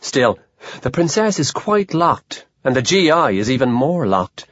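A man narrating an audiobook in a wry, expressive way. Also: medium pitch, unhurried, no echo, dull audio.

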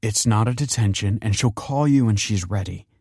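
A man's voice: fairly low pitch, normal speed, gravelly, a little mellow, breathy edge, dry recording, studio quality. A man reading a story aloud and voicing an irritable woman school secretary with curt lines.

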